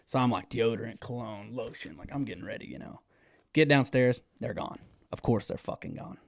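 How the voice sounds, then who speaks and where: A man's voice: medium pitch, a little fast, gravelly, no room sound, studio quality. Rowdy, laughing man swapping stories. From Texas. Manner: animated, swears freely, laughs often. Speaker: podcast guest. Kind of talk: casual storytelling.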